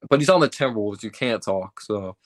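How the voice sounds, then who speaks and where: A man hosts a casual fan sports show in a lowish voice. He talks loosely with plenty of fillers, like someone chatting with friends after a game. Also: animated, a little fast. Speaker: fan podcast host.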